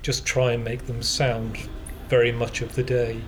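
A man co-hosts a casual podcast, enthusing about favourite shows and nudging the others back on topic. His middle-pitched voice sits over a clear background hiss. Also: monotone, unhurried. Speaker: podcast co-host. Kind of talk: casual chat.

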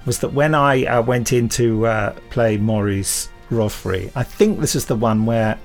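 A man's voice: mid-range voice, unhurried, faint music behind. A man co-hosting a podcast, chatting casually and telling anecdotes with little impressions of other people. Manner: chatty anecdotal storytelling with mimicry. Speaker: podcast co-host. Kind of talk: casual chat.

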